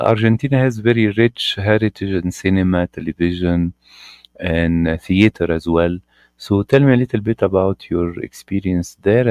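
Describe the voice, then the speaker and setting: Low voice guy hosting a live interview, polite n formal, dry sound. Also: a little mellow, dry recording, highs cut off. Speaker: interview host.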